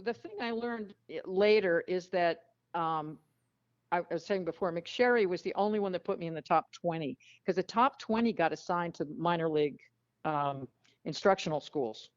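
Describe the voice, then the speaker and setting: A woman guest telling frank, lively stories in a casual interview. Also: fairly low pitch, normal speed, no room sound. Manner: animated, frank storyteller who acts out quotes. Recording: dull lo-fi dry sound.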